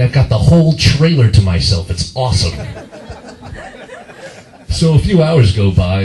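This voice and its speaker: A young man from Las Vegas doing a stand-up comedy set in a comedy club, animated, slipping into high squealing voices for the people he quotes. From Las Vegas, Nevada. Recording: echoey club heard from a distance.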